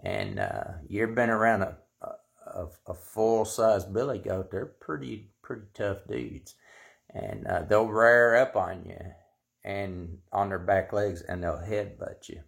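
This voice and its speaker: A man's voice: on the low side, unhurried, creaky. A man telling a rambling story in a casual, drawling way, full of fillers. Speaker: storyteller, shop owner.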